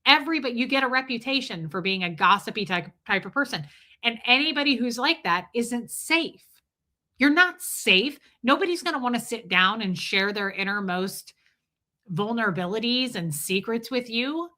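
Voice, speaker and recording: A woman in her forties hosts a casual livestream and talks bluntly, swearing freely and telling stories with a lot of life. Her voice is bright and sharp. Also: fairly high pitch, moderate pace. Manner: blunt, profane, animated storytelling. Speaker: livestream host.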